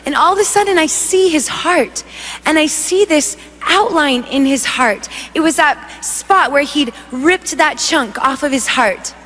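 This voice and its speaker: Female preacher, 30s, high voice, storytelling sermon, long hall reverb. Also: measured pace. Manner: animated, acts out quoted voices, conversational. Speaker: worship leader preaching. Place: large church hall.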